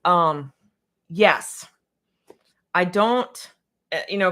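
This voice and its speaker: A woman's voice: sits low, expressive, measured pace, pauses often, sharp tone. A woman piano technician answering viewer questions on a casual livestream, chatty and a bit scattered, with frequent restarts and laughter.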